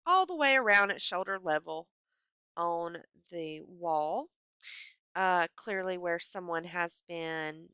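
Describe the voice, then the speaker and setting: A woman records a literature lesson on a screencast. Her voice is bright and crisp, and the sound is dry and close. She talks through the text casually with many "um"s and reads passages aloud with lively animation. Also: fairly low pitch, no echo. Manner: reads quoted passages aloud with rising animation, then explains casually with fillers. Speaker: teacher. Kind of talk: lecture screencast reading aloud from a story.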